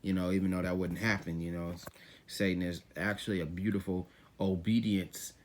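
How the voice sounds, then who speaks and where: A man's voice: deep voice, little pitch movement, normal speed, a little hiss or hum. A man teaching scripture in a loose, conversational way, reading verses and then explaining them in everyday slang, often saying "you know what I'm saying.".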